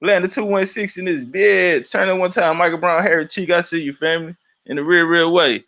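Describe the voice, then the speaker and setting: High, bright-voiced livestream host. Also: male voice, fairly even intonation, a little fast. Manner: profane, rambling, reads chat aloud. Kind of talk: casual livestream chat.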